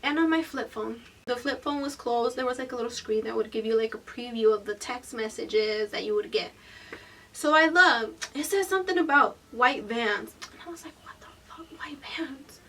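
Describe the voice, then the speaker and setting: Woman, 20s, high-pitched, slightly off-mic, blunt and expressive storytime narration. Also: normal speed, far from the mic, slight background noise. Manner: animated, profane, candid storytelling; swings between loud bursts and hushed whispered asides. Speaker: vlogger. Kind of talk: storytime vlog.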